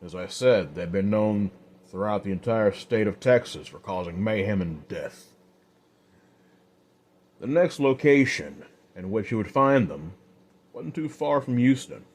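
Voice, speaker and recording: A man narrating an old-west story in a slow, unhurried, casual way. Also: on the low side, lively intonation.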